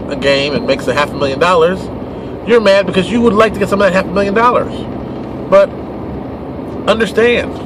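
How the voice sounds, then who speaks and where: A man talks through a casual monologue with animated exasperation and slips into short mock dialogues. His voice sits a bit high. Clear traffic and street noise run behind him outdoors. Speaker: podcast host and game publisher.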